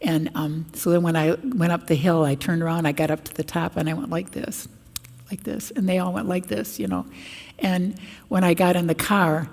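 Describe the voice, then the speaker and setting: An older woman, a religious sister, giving an animated storytelling talk to a congregation at a parish mission, acting out the people in her stories. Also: lowish voice, normal speed. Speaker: guest speaker at a parish mission. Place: large church. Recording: reverberant church hall.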